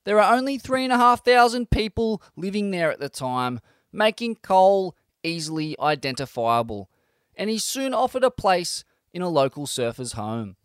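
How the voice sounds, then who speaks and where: A man reading scripted narration in a measured storytelling delivery on a close studio mic. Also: sits high, expressive, fairly bright tone, smooth, no echo. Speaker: podcast narrator.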